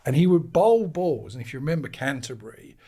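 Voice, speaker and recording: A middle-aged man from England tells long, rambling cricket-dressing-room-style anecdotes in an easy conversational way. He gets animated as he goes, with lively swings in pitch, and often breaks into laughter. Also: a little fast, slightly rough. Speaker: guest, cricket managing director. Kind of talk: casual storytelling chat.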